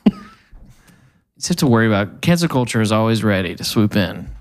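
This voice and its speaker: A man's voice: lowish voice, sing-song, brisk. A man co-hosting a casual podcast, talking in a rambling, hesitant way. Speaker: podcast co-host.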